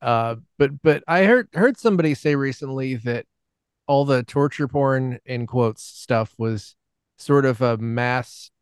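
A man's voice: medium pitch, unhurried, smooth, no echo, clean studio sound. A man in a casual podcast film discussion, easygoing and often laughing as he talks. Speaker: podcast panelist.

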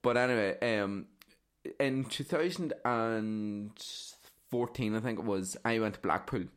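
A man's voice: on the low side, unhurried, clean tone. A man telling rambling stories on a casual podcast, swearing and tagging "right?" onto sentences. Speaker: podcast co-host. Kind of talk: casual storytelling chat.

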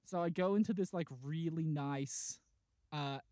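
A man's voice: a little high, measured pace, dark tone, smooth, dry recording, studio quality. A man, a podcast host animatedly retelling a dream and acting out voices. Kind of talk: casual chat, retelling a dream.

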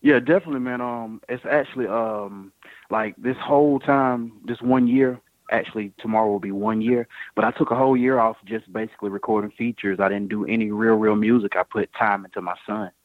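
A man's voice: on the low side, steady tone, fairly quick, no room sound. Laid-back man on a tinny phone line. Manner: laid-back, rambling with many fillers. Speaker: singer guest. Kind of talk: casual radio interview.

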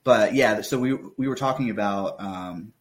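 Guy hosting a podcast, friendly, reads chat comments out loud. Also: on the low side, moderate pace. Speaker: podcast host. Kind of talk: casual chat.

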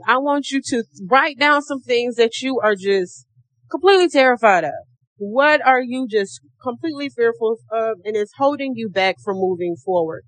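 Woman podcast host, middle-aged, AAVE, croaky tone, pitched a bit high, motivational and chatty. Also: fairly bright tone, no echo. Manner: encouraging, calls listeners baby and sis; acts out her own thoughts in a higher voice. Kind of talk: casual motivational podcast talk.

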